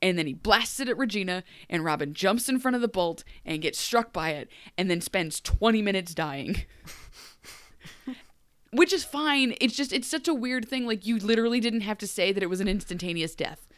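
An animated woman co-hosting a podcast, recapping a TV episode in loose, casual chat. She laughs easily and jumps into high little character voices. Her voice sounds dry and close, with no room around it. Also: moderate pace, no room sound. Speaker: podcast co-host.

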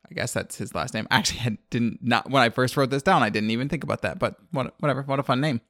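Man, podcast co-host, rambling chatty recap, mid-pitched voice, dry close sound. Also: quick pace, fairly bright tone, no room sound. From American South. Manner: rambling, chatty, laughs often. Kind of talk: casual chat.

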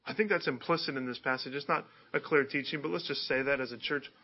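A man's voice: medium pitch, quick pace, husky, highs cut off. A man preaching a sermon in a conversational way, often asking his listeners rhetorical questions. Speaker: pastor.

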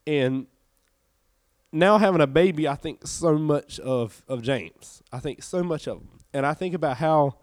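A man's voice: on the high side, a little slow, no echo, clean studio sound. A young man giving an earnest, emotional personal faith testimony, sounding tired and subdued. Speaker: church member giving testimony.

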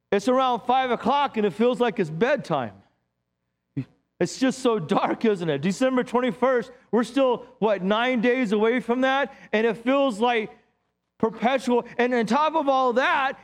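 A middle-aged man, a pastor, preaching a sermon in a church with lively, joking storytelling. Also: very high voice.

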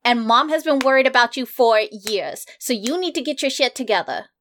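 A bossy armored paladin sister, as a woman game master puts her on, blunt, nagging, teasing, voice a touch high. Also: lively intonation, fast, fairly bright tone, slight background noise. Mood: scolding.

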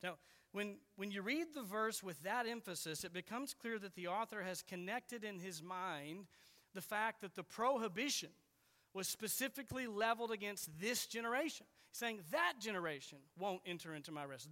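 A man delivers an expository sermon, earnest and patient as he explains, pressing down on key words. His voice sits high and bright. It carries a long reverb from a large church hall. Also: lively intonation, moderate pace. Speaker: preacher.

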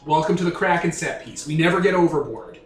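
A man running a tabletop game as game master, rambling and excitable with lots of fillers. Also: a little high, fast talker, soft background music. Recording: echoey room.

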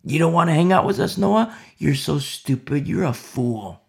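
A preacher putting on the voice of a mocking crowd of scoffers who taunt and jeer in a sing-song way. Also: male voice, on the high side, animated, moderate pace, creaky, a little mellow. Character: jeering crowd of partying male scoffers.

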